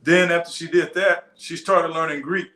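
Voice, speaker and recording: Bright-voiced preacher in an echoey church. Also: male voice, fairly high pitch, steady tone, normal speed. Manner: conversational, digressive teaching with restarts. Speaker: pastor. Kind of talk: sermon.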